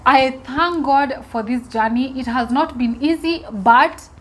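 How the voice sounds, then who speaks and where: A woman's voice: high voice, unhurried, fairly bright tone. A young woman from Kenya telling viewers a personal story in a casual, emotional way, often repeating herself and speaking to them directly. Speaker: vlogger.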